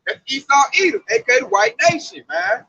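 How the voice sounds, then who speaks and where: A man preaching in loose, excitable chat, riffing and exclaiming between scripture readings. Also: very high-pitched, a little fast, slightly rough, highs cut off. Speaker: street preacher.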